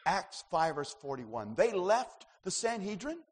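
A man preaching a sermon as pastor, swinging between loud emphasis and hushed asides. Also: sits high, big pitch swings, a little slow, slightly rough, big-room sound.

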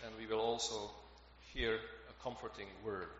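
A man's voice: fairly low pitch, level tone, normal speed, fairly bright tone. A man preaching a sermon, earnest and growing emphatic on key phrases. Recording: echoey hall, dull lo-fi, faint noise.

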